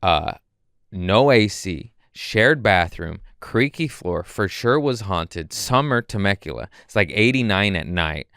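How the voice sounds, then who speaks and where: A man's voice: lowish voice, lively intonation, a little slow, a bit bright, smooth, no echo, clean studio sound. A man, a guest comedian, telling loose and profane stories in casual podcast chat.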